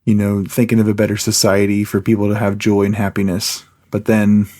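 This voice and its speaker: A man co-hosting a podcast, talking loosely and rambling, quick to laugh. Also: lowish voice, completely flat delivery, dark tone. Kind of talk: casual podcast chat.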